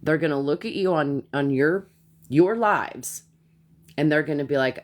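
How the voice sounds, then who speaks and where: A woman's voice: sits low, unhurried. A woman streaming a heated live rant, blunt and profane, who repeats herself as she gets worked up.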